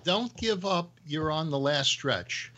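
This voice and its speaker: A man's voice: on the high side, expressive, slow pace, pushed and bright, highs cut off. A man on a talk panel, chatting casually, encouraging and joking with the host. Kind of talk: casual chat.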